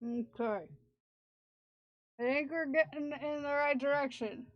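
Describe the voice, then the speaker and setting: On a live stream, a woman keeps up casual chatter with her viewers while crafting, laughing and talking to herself as she goes. Her voice is high-pitched and her pace measured. The audio has a slightly dull, lo-fi stream quality.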